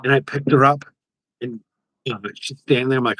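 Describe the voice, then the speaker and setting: A man's voice: mid-range voice, brisk, a bit bright, dry recording, rough recording. A man co-hosting a podcast, telling a rambling story in casual chat, with many fillers and some swearing. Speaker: podcast co-host.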